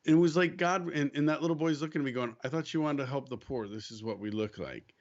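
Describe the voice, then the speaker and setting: A man speaking as a guest on a faith podcast, telling a story in a casual, animated way, acting out quoted lines and laughing easily. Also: on the high side, quick pace, highs cut off. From United States.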